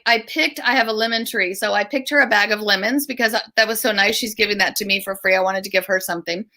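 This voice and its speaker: A middle-aged woman tells stories over a video call, slightly high-pitched and with a bright, forceful edge. She is animated and slips into the voices of the people she quotes. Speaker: interview guest, author and speaker. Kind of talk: storytelling in an online interview.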